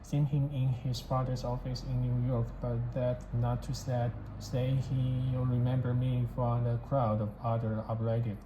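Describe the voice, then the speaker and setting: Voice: medium pitch, little pitch movement, a little slow, few pauses, close to an everyday voice. A reader voicing a chatty, offhand middle-aged American businessman in a storybook reading, in an echoey room. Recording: echoey room, faint background hiss.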